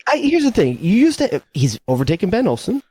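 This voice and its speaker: A man's voice: high-pitched, wildly swooping pitch, fast talker, darkish tone, husky, dry recording. A man in his forties co-hosting a soccer podcast, joking crudely and stammering at the starts of sentences. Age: 40s. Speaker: podcast co-host. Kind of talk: casual chat.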